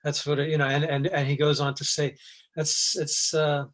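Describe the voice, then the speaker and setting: A man's voice: on the high side, flat delivery, fast talker. A middle-aged man talking casually as a guest, rambling and restarting his sentences with many fillers. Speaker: guest actor. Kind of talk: casual chat.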